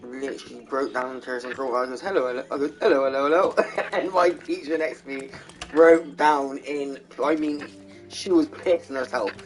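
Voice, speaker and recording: A man's voice: medium pitch, normal speed, soft background music, poor audio. A man streaming a game, telling stories in a casual, chatty way. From England. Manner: chatty storytelling, laughing. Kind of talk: casual chat over gameplay.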